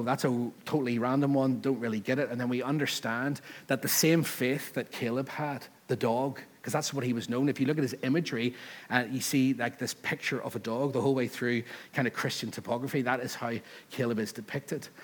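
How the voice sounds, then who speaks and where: A man delivers a church sermon in a husky voice at an ordinary middle pitch. He talks to the congregation in a chatty, conversational way and acts out the people in the scripture stories. At key points he rises to loud, emphatic peaks. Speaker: preacher. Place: church service.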